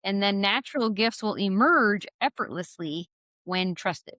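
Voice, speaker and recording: Woman podcast host, lively and dry. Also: medium pitch, a little slow, no room sound. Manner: animated, acts out quotes in a raised voice. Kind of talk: conversational interview.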